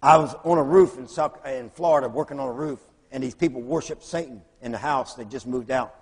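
A man preaching, telling lively stories and acting out the voices of the people in them. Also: medium pitch, brisk, breathy edge. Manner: animated storyteller, acts out voices in quotes. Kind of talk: storytelling sermon. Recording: long hall reverb.

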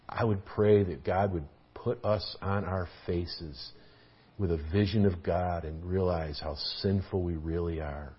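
A man's voice: sits low, husky, muffled recording. A man preaching a sermon as pastor, earnest and emphatic, repeating key phrases for weight, in a church hall.

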